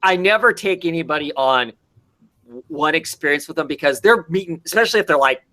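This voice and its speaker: A man's voice: fairly high pitch, animated, fairly quick, sharp tone. A man in casual chat, rambling and restarting his sentences as he talks about meeting creators.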